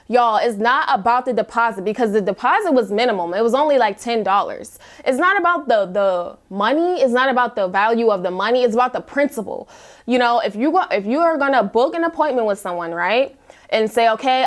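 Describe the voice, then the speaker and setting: A young woman with a slightly high voice tells a story straight to camera. She sounds fed up and emphatic, and she leans hard on her words as she reads out her own messages. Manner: exasperated, emphatic retelling, quotes messages aloud. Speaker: YouTube vlogger. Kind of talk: casual storytime vlog.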